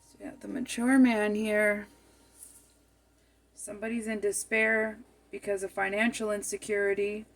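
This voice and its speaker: A woman reads tarot cards aloud in a loose, musing monologue. Her voice carries a gravelly fry, and she circles back to repeat and rephrase her words as she works through the spread. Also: mid-range voice, flat delivery, normal speed, pauses often. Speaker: tarot card reader.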